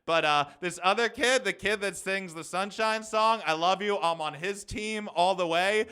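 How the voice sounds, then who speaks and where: A young man hosts a solo podcast in a bright, clear voice that sits a little high. He rambles quickly through his thoughts, full of fillers and restarts. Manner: fast, rambling, talks quickly with many fillers. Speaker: podcast host.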